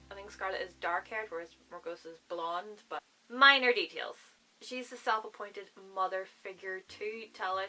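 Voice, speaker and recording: Woman book vlogger gushing about a novel, bright punchy voice, faint music underneath. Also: medium pitch. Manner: gushing and animated, bursts into excited exclamations. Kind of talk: casual book review.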